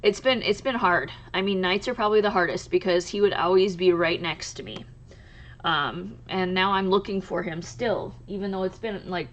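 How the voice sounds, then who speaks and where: A woman speaks casually to her viewers in a soft voice of middle pitch, often pausing and starting over as she talks. Her pace is unhurried. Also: muffled recording. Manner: soft, halting, many ums and restarts. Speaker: crochet channel host. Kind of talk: casual chat to camera.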